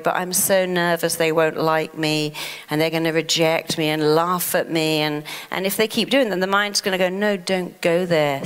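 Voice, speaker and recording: An English woman, a therapist, giving a motivational talk and acting out the mind's voice in lively asides. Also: on the low side, clear, resonant tone, big-room sound. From England. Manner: animated, acts out the mind talking back. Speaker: therapist and self-help speaker.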